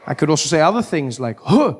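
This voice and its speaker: A male comedian doing stand-up before a live audience, animated and often breaking into put-on voices. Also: on the high side, a little fast.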